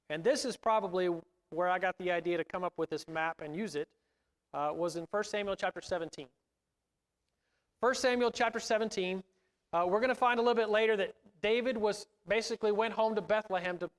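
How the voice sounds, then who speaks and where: Casting: high-pitched male Bible class teacher, casual and self-deprecating, recorded in a reverberant church hall. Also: smooth. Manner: conversational, self-deprecating asides.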